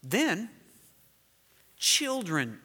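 A man's voice: sits high, huge pitch swings, bright, forceful tone. A middle-aged male pastor preaching a sermon, telling stories and stretching out key words for emphasis. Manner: storytelling with emphatic, drawn-out stresses. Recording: echoey hall reverb.

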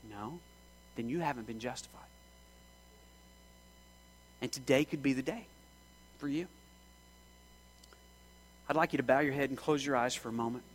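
A man preaching a sermon with passion, his voice swinging from shouting to hushed and back. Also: mid-range voice, slight background noise, rough recording.

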